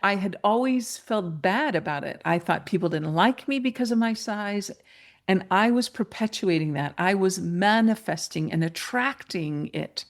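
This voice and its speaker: A woman guest, a mentor and coach, telling a personal story in an interview, animated and laughing, her pitch jumping up when she gets excited. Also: moderate pace.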